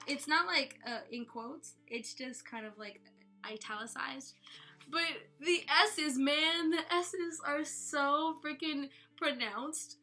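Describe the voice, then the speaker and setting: Giggly high-voiced young woman reviewer. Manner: giggly, chatty, animated. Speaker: book reviewer. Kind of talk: casual book review vlog.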